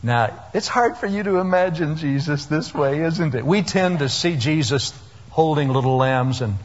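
A man's voice: on the high side, animated, normal speed. A man preaching a sermon, telling the story with humor and acting out the people in it. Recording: dull lo-fi hall recording.

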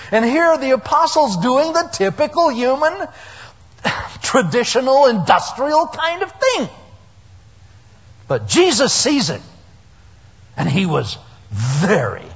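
A man's voice: high-pitched, creaky, husky. A man preaching a sermon, telling the story with humor and acting out the people in it. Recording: dull lo-fi hall recording.

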